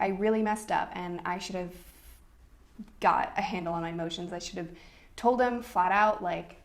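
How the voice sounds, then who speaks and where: A woman's voice: medium pitch, vocal fry. A young adult woman, a coach, talking candidly to camera about loss and telling a personal story with quoted dialogue. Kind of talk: casual talk to camera.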